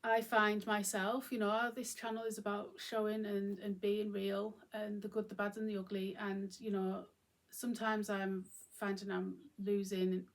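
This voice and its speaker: A woman's voice: mid-range voice, flat delivery, measured pace. A woman hosting her own channel, talking reflectively and informally to camera with plenty of fillers and restarts. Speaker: channel host. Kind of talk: reflective solo talk to camera.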